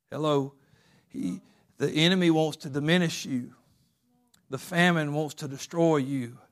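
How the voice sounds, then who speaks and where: A man preaching a sermon, moving between quiet, close talk and loud, fervent exhortation. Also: mid-range voice.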